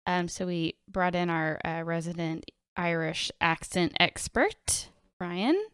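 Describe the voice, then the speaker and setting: A woman's voice: lowish voice, expressive, slow pace, fairly bright tone, clean tone, dry recording. Woman, podcast host, casual chat, giggly, dry close sound.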